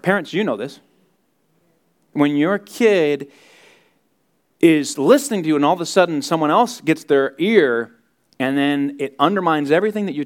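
Earnest male pastor preaching. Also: mid-range voice. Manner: earnest preaching, drops to hushed tones for prayer and rises for emphasis. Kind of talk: sermon.

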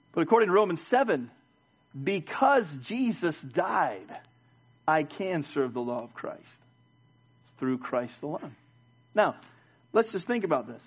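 A middle-aged man preaching a sermon as pastor, swinging from loud emphatic lines to quiet low ones. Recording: dull lo-fi sound.

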